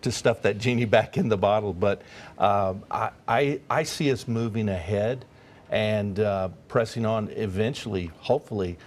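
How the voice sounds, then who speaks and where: Man, mission charity head, low voice, earnest, halting. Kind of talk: TV panel discussion.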